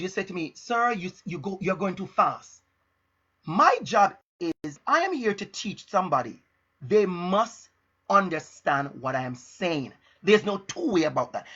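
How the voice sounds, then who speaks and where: A middle-aged man gives a motivational talk over a live stream, his voice bright and forceful. He speaks deliberately and leans on repeated phrases for emphasis. The audio sounds a little dull and muffled, as if picked up by a laptop or phone. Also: high-pitched, breathy edge.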